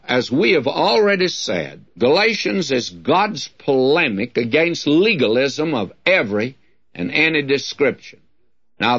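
A man teaches scripture in the emphatic, lively cadence of a radio preacher. He speaks slowly and deliberately, and his pitch swings widely as he drives his points home. The recording sounds dull and lo-fi, like an old broadcast. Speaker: Bible teacher.

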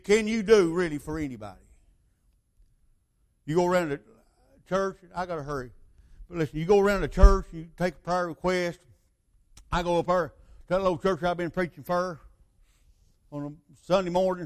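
An older man delivers a sermon in a fairly high voice. He tells the story loosely, full of asides and rhetorical questions put to his listeners. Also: moderate pace, long pauses. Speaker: preacher.

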